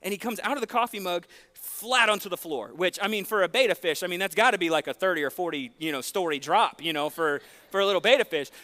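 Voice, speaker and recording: A man preaching, telling a long, animated, self-deprecating story with lots of fillers in a church. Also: high voice, fast talker. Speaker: pastor. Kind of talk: sermon storytelling. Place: church sanctuary.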